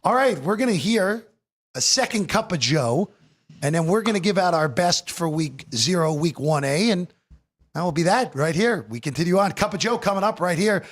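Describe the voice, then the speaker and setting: A man's voice: high-pitched, animated, normal speed. A man hosting a sports betting talk show from a studio, chatty and joking with guests, heavy on fillers. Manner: chatty, fillers, jokey banter.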